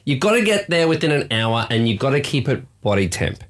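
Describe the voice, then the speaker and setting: A man's voice: medium pitch, fairly quick, slight background noise. A man in his thirties with an Australian accent, co-hosting a podcast and telling an embarrassing story in casual chat, acting out the dialogue. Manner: animated, acts out dialogue, laughs at himself. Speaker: podcast co-host.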